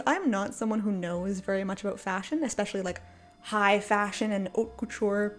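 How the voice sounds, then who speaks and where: A woman ranting casually about a TV show from her apartment, exasperated and sarcastic, laughing often. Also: mid-range voice. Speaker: video creator. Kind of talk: casual commentary rant. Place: apartment, indoors. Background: faint cafe music.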